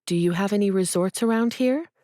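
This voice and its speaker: A woman's voice: mid-range voice, brisk, warm tone, no room sound, clean studio sound, lightly acted. A woman doing a polite young heroine. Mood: friendly.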